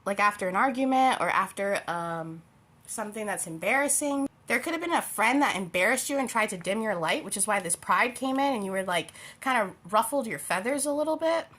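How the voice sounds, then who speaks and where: A woman's voice: medium pitch, expressive, fairly quick, fairly bright tone. A young woman giving a casual tarot reading to her viewers, chatty and rambling, often losing her thread and laughing. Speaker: tarot reader.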